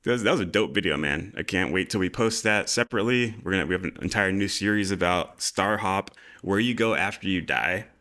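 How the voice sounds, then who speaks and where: A man with a very deep, low voice, chatting loosely on a livestream. He sounds excitable and casual and drops curse words as he riffs. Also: brisk, hardly any pauses. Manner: loose, excitable, swears freely. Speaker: podcast co-host.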